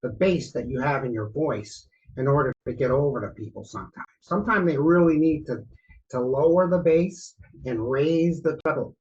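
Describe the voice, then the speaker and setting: A man's voice: mid-range voice, lively intonation, moderate pace, a little mellow. Laid-back storytelling man from New Jersey. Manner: loose, storytelling, slangy. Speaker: co-host. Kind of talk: casual podcast chat. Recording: muffled, lo-fi audio.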